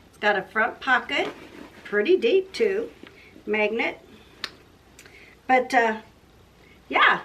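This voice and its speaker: A woman's voice: medium pitch, fairly bright tone. An older woman, hosting a casual sewing vlog and rambling from one thought to the next. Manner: rambling, chatty, loses her train of thought. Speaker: sewing channel host. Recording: voice a bit far from the mic.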